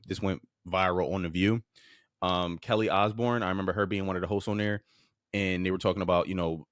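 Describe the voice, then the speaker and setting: A man with a low voice hosts a podcast, reacting bluntly and informally to clips he plays. Casual swearing and restarted phrases run through his talk, captured in a dry, studio-quality recording.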